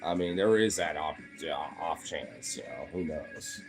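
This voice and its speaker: A man's voice: extremely low pitch, expressive, unhurried, music in the background. A young man streaming casually from home, cooing baby talk at his pets and swearing freely. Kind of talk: casual live-stream chat.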